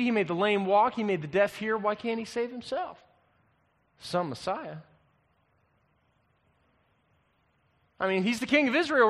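Brief: man playing a jeering, sarcastic religious leader, high and loud, reverberant hall. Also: exaggerated voice. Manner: mocking, sing-song, loud. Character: jeering crowd of male religious leaders, scornful.

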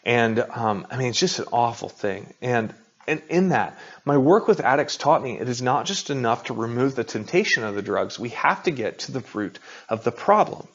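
Brief: middle-aged male pastor, conversational sermon, mid-pitched voice, slightly dull recording. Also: expressive, normal speed, fairly bright tone. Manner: conversational, confessional preaching with rhetorical asides.

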